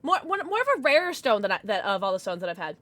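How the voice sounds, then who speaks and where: A woman's voice: medium pitch, big pitch swings, fast talker, pushed and bright. A woman in her thirties chatting casually with her stream viewers, affectionate and full of fillers.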